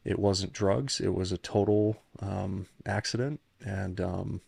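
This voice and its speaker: A slow, low, creaky voice with a darkish, husky tone and steady delivery, no room sound. It belongs to a man in his 30s, a founder turned CEO coach on a podcast, who tells a personal story in an earnest, reflective way and restarts often when moved.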